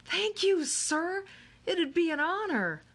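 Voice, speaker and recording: A woman's voice: extremely high pitch, big pitch swings, takes it slowly, fairly bright tone, pitched above the performer's own voice, heavily acted. A woman voicing an eager, upbeat teenage boy who exclaims readily. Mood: excited.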